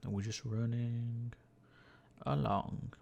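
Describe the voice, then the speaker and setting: A man's voice: medium pitch, steady tone, takes it slowly, vocal fry, a little mellow. A tired, yawning man muttering and swearing to himself as he comments on his own gameplay during a livestream. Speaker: gaming livestreamer.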